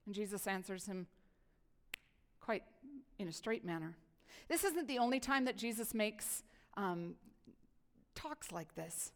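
A middle-aged woman pastor giving a chatty, animated sermon and reading scripture aloud. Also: a little high, moderate pace, pauses often, in a large hall. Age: 40s.

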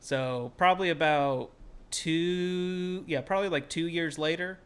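This young co-host's voice is a little high, a little slow and smooth as he tells a long, rambling story in casual podcast conversation. He fills it with "like," curses freely and raises to a shout when quoting his own words.

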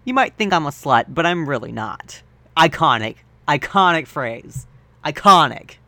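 A man reads a story aloud in a bright, fairly high voice, switching from deadpan delivery to quick joking asides. The setting is a podcast recording in a dry, close room. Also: no echo. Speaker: podcast co-host and reader. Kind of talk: comedic dramatic reading.

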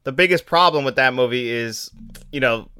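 A man co-hosting a casual movie podcast, chatty and quick to laugh. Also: mid-range voice, pushed and bright, smooth. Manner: chatty, laughs often, trails off. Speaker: podcast co-host. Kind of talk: casual film review chat.

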